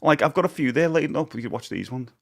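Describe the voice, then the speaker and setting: Chatty man with lively pitch. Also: fast, creaky. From United Kingdom. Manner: rambling, chatty, self-correcting, laughs often. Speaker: live streamer. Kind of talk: casual live-stream chat.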